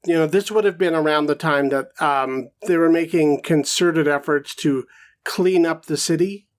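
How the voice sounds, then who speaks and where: A man's voice: on the high side, normal speed. A man co-hosting a podcast, chatting casually about a film and thinking aloud with lots of fillers. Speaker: podcast co-host.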